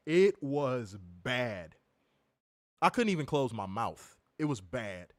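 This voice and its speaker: Animated, foul-mouthed male storyteller. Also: medium pitch, slow, no echo, studio quality. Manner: animated, profane storyteller acting out quotes. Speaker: podcast co-host. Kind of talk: casual chat.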